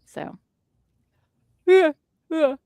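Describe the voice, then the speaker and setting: Her voice is high, very animated, and very slow, with vocal fry and a warm tone, as this woman co-hosts a casual co-working livestream from her living room desk. She chats, reads viewer comments aloud, and restarts frequently, and the recording is dry.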